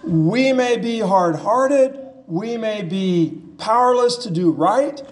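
A man delivers a sermon in a casual, talking-it-through manner, retelling scripture and posing rhetorical questions. His voice sits high for a man and he takes his time. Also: lively intonation, slow pace. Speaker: pastor.

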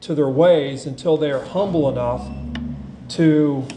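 A man preaching a sermon, earnest and unhurried, reading scripture with feeling. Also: a little high, mellow, slight background noise. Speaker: pastor. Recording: echoey room with faint ambience.

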